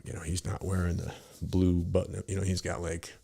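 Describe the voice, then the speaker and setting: A man with a very low, gravelly voice tells a winding story in casual talk. His tone is dark and mellow, and he wanders off topic and swears freely as he goes. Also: level tone, a little fast. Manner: rambling, profane, easily sidetracked.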